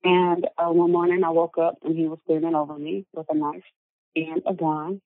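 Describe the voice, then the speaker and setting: As a guest in an interview, a woman shares a personal story conversationally, earnest and full of filler words. Her voice sits low with a level tone and normal speed. The recording is dry and narrow, like a phone, with no echo.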